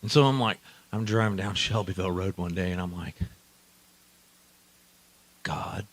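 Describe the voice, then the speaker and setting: A man preaching a sermon, swinging between quiet asides and loud emphatic declarations. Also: deep voice, fast talker, poor audio. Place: church hall.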